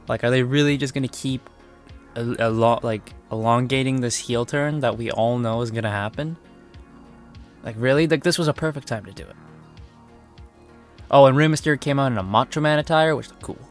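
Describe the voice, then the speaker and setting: A young man giving a casual spoken review, sarcastic and exasperated, often swearing and complaining. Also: mid-range voice. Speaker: wrestling reviewer.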